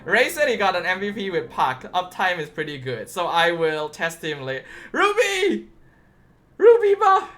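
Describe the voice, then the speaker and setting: A gaming video creator giving casual patch-notes commentary, excitable and quick to squeal with delight. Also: mid-range voice.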